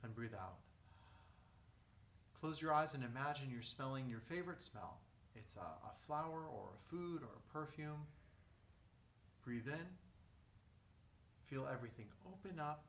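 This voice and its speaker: A man teaching a vocal lesson, guiding breathing and posture in a calm, step-by-step way. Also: medium pitch, a little slow, long pauses, slight background noise. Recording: echoey room, mic at a distance.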